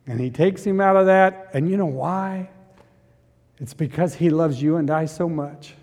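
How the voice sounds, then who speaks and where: A man's voice: sits high, animated, normal speed, in a large hall. A man preaching a sermon as pastor, reading scripture and building to impassioned, emphatic passages. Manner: preaches with rising intensity, quotes scripture.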